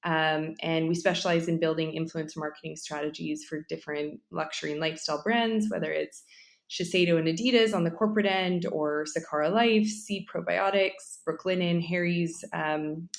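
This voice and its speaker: A woman from Western Canada speaks as a podcast guest, friendly and measured, pausing on little ums. Her voice sits low and carries a gravelly, fry-filled edge. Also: fairly even intonation. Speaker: podcast guest, company founder. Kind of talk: casual interview.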